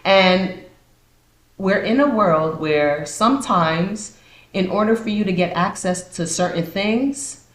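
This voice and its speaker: With a medium-pitched voice and a slow pace, this podcast host reads out points and then riffs sarcastically on them. It's casual commentary, recorded with a roomy echo.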